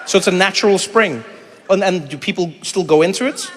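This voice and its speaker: A man in his forties from South Africa doing stand-up and crowd work, animated and acting out little voices as he talks, laughing along with the room. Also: high-pitched, brisk, big-room sound. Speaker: comedian. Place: comedy venue with a live audience.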